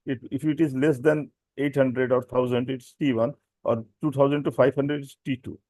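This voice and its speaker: Male doctor, Indian English accent, mid-range voice, dry recording; reads a technical talk with frequent pauses and restarts. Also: medium pitch, steady tone, darkish tone, no echo. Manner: hesitant, many fillers and self-corrections. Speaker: doctor presenting at a medical symposium. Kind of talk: technical lecture.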